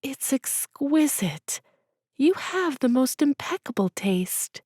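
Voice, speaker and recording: A woman voicing Aaliyah, a young woman who gushes in an effusive, breathy way in a storybook audiobook. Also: big pitch swings, a little slow, dark tone, no echo, clean studio sound. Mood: gushing. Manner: high, effusive, breathy gushing. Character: young woman, gushing and starstruck.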